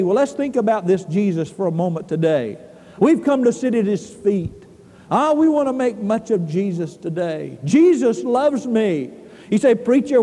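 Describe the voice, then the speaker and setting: Fervent high-voiced preacher. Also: male voice. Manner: fervent, swinging from loud cries to hushed tones. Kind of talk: sermon. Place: church sanctuary. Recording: long hall reverb.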